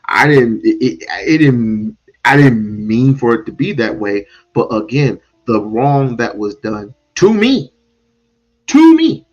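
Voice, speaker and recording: A man hosting a talk show, speaking in a halting way with many restarts. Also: medium pitch, big pitch swings, a little mellow, highs cut off. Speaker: host. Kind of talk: casual chat.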